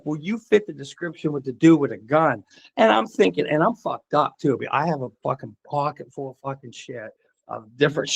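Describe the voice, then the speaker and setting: A man telling a wild story in casual chat, excitable and profane. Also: fairly high pitch, creaky. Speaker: podcast guest.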